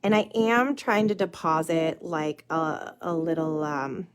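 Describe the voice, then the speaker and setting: A young woman teaching nail art on a live stream. She chats with viewers as "you guys" and "y'all", full of fillers, and murmurs softly while she works. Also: deep voice, measured pace. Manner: drops to a soft murmur while working close on the nail. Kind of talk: live tutorial demonstration.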